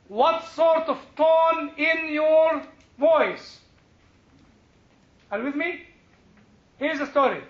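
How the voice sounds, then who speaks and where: A man's voice: extremely high pitch, fairly bright tone, reverberant, dull audio. A man lecturing a class on the Bible, chatty and digressive, full of "you know" and little chuckles, asking his listeners questions. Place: lecture room with a live audience.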